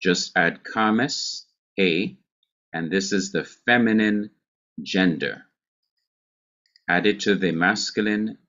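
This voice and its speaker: A man with a Jamaican accent teaching a Hebrew grammar class, speaking deliberately and repeating key words. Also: low voice, fairly bright tone, dull audio.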